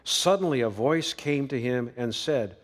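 A man preaching a sermon, swinging between emphatic lines and hushed ones. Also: medium pitch, lively intonation, a little slow. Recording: long reverb of a large hall.

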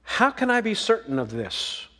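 A man's voice: high-pitched, sing-song, moderate pace, pushed and bright, big-room sound. A man preaching a sermon as pastor, folksy and emphatic, drawing out the verses he reads.

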